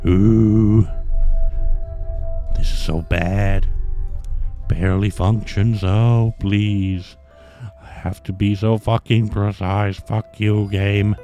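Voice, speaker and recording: A man's voice: on the low side, level tone, slow, long pauses, mellow, faint music behind. A man giving casual let's play commentary on a hidden-object game, grumbling sarcastically and swearing often.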